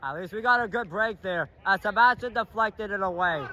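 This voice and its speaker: High excited man shouting sideline commentary. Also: fairly quick, some chatter behind, a little hiss or hum. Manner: shouts at big plays, calls out to players and the ref. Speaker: sideline commentator filming the match. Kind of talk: excited amateur play-by-play commentary. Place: outdoor stadium field.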